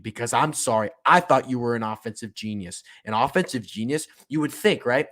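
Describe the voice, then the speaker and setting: A young man hosting a solo sports podcast, talking in an emphatic, fired-up way and hammering the same points again and again. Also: medium pitch. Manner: fired-up, emphatic, repeats himself. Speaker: podcast host.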